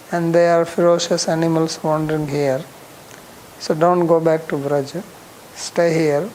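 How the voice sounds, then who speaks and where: A man's voice: a little high, darkish tone, slight background noise, low-quality recording. A man giving a scripture lecture, explaining verses and reciting Sanskrit lines. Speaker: teacher of scripture.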